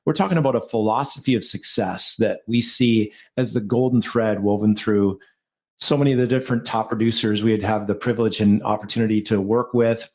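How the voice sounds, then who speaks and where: Guy w a lowish voice hyping up mortgage pros on a podcast, playful and wordy. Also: steady tone, brisk, darkish tone. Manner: playful, fond of alliteration, motivational. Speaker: podcast co-host, mortgage coach. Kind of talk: podcast conversation.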